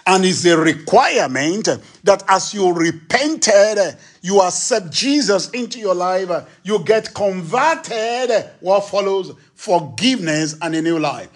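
Preacher guy, pretty high voice, punchy sermon, lots of rhetorical questions. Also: expressive, slow pace, hardly any pauses. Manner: emphatic, rhetorical questions, acts out quotes.

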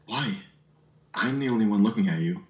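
A man's voice: lowish voice, animated, moderate pace, a little mellow, lo-fi sound. A man bantering as a scene partner on a call, teasing with profane mock anger and playful jokes. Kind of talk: joking improvised banter.

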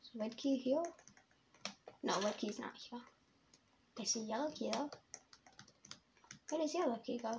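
A woman giving rambling, excitable let's-play commentary as a young YouTuber, laughing often. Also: fairly high pitch, a little slow, creaky, long pauses, background noise. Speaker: gamer and YouTuber.

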